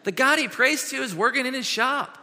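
A man preaching a sermon as a pastor, animated and earnest, moving between lively questions and hushed, gentle passages. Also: very high-pitched, a little fast. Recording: long hall reverb.

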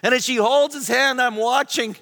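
A middle-aged man preaching and telling a story, animated, sometimes dropping to a hushed whisper. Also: very high-pitched, moderate pace. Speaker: pastor. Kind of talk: sermon storytelling. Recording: long hall reverb.

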